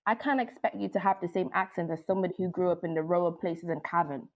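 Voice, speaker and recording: A woman's voice: on the low side, steady tone, quick pace. A woman musician speaking emphatically and forthrightly as a guest in a podcast discussion.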